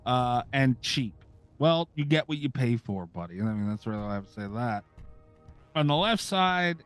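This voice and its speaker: A man's voice: mid-range voice, animated, normal speed, faint music behind. A middle-aged man hosting a podcast, chatting casually, ranting sarcastically and swearing freely. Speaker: podcast host.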